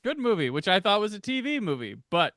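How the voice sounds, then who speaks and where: A man's voice: high-pitched, big pitch swings, brisk, crowd noise. A man hosting a casual podcast, joking and rattling off lists. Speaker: podcast host.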